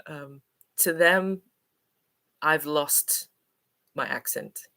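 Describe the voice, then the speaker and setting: A woman's voice: low voice, measured pace, a bit bright. A woman from Manchester, an English teacher, chatting on a livestream Q&A in a hesitant, friendly way with lots of ums and uhs. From Manchester, England.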